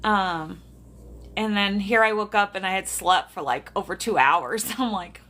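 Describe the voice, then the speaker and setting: A woman's voice: mid-range voice, a little slow, pushed and bright. A woman from South Dakota, a medium, chatting casually with viewers on a livestream from her bedroom, laughing often. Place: bedroom at home. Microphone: phone or camera on a tripod.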